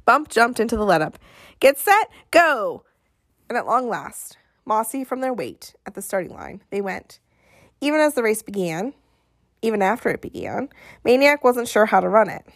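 A woman reads a novel aloud in an expressive storytelling manner, acting out the characters as she goes. Her voice sits at a middle pitch, recorded close and dry. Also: moderate pace, no room sound. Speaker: audiobook narrator. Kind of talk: scripted narration.

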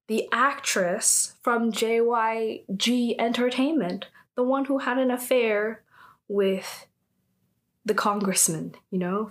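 Brief: young woman, casual drama-recap vlogger, mid-pitched, talkative, reacts with bursts of amusement. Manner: chatty, heavy use of "like", animated reactions. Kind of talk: casual retelling of a drama episode.

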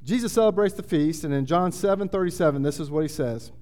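A man's voice: fairly high pitch, fast, darkish tone. A man preaching a sermon, reading scripture aloud and building in intensity. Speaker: pastor. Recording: long hall reverb.

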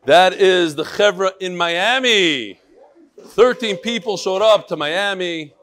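Middle-aged man, Torah class teacher, slightly high voice, animated, Yiddish and Hebrew words in English. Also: slow. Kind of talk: lively class talk with readings.

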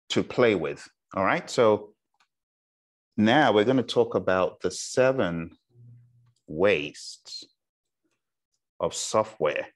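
A man teaching an exam prep lesson, talking slowly on purpose and often checking in with "okay?" and "all right?". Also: sits low. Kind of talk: recorded online lecture.

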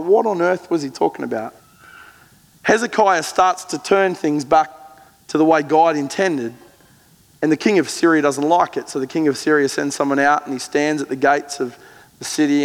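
A man preaching a sermon, retelling scripture with earnest emphasis and slow, measured readings. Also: fairly high pitch, in a large hall. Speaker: pastor.

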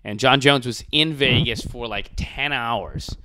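Profane, animated man on a podcast. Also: medium pitch, unhurried, background noise. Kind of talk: casual podcast chat.

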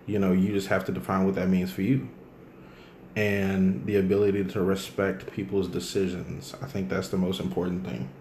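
A man co-hosting a casual chat, animated and joking, full of slang and drawn-out fillers. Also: sits low, slight background noise. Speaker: podcast co-host. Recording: roomy echo.

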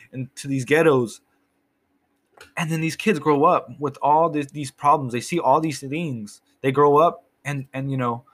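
A young man talks in a loose, rambling monologue. He swears freely and circles back on his own phrases, restarting them again and again. His voice sits at an ordinary middle pitch for a man. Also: a bit bright. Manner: rambling, profane, repeats himself often. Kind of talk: casual opinion monologue.

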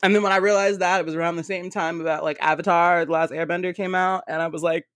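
A man's voice: high-pitched, little pitch movement, fast, a bit bright. A man co-hosting a podcast in casual chat, laughing often, swearing freely and packing his talk with fillers. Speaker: podcast co-host.

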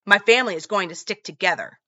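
A woman voicing a menacing, violent man who shouts angry demands. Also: mid-range voice, expressive, fast, no echo, lo-fi sound.

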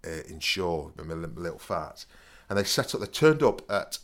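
A man's voice: sits low, sing-song, normal speed. A man telling a rambling story in casual chat, full of stammering restarts and "you know what I mean". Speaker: podcast co-host.

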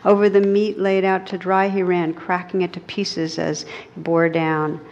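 A woman's voice: on the low side, flat delivery, unhurried, a little mellow. A woman meditation teacher talking casually to a group with self-amused laughter, then reading a story aloud. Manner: casual, laughs at her own asides. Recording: dull recording with a long hall echo.

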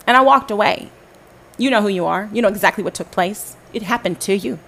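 A woman from the Southern United States tells her own story in an angry, profane monologue, confronting and addressing her listeners directly. Her medium-pitched voice is brisk and gravelly, and the recording is very noisy.

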